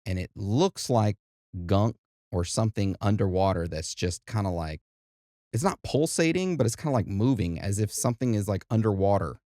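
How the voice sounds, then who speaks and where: Deep-voiced, laid-back podcast co-host man. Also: expressive, normal speed, warm tone, no echo, clean studio sound. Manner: laid-back, conversational, leads the segments. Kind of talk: casual chat.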